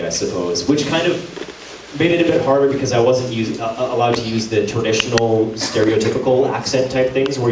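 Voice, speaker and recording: Chatty male voice actor in echoey hall. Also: lowish voice. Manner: chatty, self-deprecating, laughs often. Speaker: voice actor on a convention panel. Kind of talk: casual panel talk. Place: large convention hall. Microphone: audience camera from a distance. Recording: echoey hall from far off, background noise.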